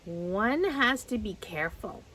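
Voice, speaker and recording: Lady playing a fussy polite rabbit guy, prim, stretches words out, lively ups and downs. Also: medium pitch, a little slow, a little hiss or hum.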